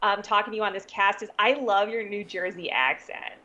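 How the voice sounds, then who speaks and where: A woman's voice: mid-range voice, fairly even intonation, brisk, sharp tone. Woman, livestream host, bubbly, laughs often, dull lo-fi sound. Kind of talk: livestream hosting.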